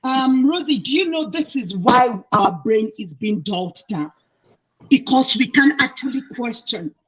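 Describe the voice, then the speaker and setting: Husky high-voiced woman, insistent. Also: expressive, a little slow, muffled recording. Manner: insistent, talks over others. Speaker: debate panelist. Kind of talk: heated online debate.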